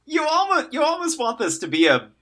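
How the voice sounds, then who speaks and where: A man's voice: very high-pitched, huge pitch swings, fairly quick, a bit bright. A man co-hosting a comedy podcast, trading playful absurd jokes in casual chat. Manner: playful, throws in absurd bits and laughs. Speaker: podcast co-host.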